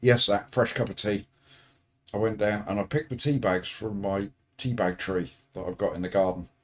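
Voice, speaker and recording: A British man with a lowish voice chats casually to his viewers on a racing stream. He keeps things light with dry, deadpan jokes tossed in between remarks. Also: moderate pace. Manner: chatty, dry joking asides. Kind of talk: casual chat with a live stream audience.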